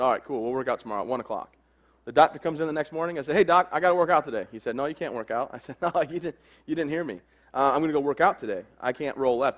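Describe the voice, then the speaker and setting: A man in his twenties giving a humorous motivational speech, telling a story and acting out the dialogue. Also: medium pitch. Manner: joking storyteller, acts out quoted dialogue. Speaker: motivational speaker.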